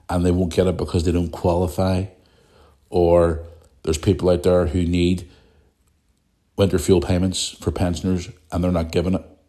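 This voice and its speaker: Blunt Northern Irish man, deep voice. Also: warm tone. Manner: blunt, swears, repeats himself. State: sore throat. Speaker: podcast host. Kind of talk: solo podcast rant and listener questions.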